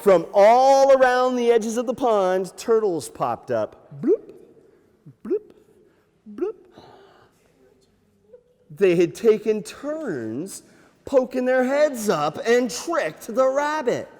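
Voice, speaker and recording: A man working as a nature museum storyteller, telling an animated, playful tale to children with sound effects. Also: extremely high pitch, slow. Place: library room. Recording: echoey hall.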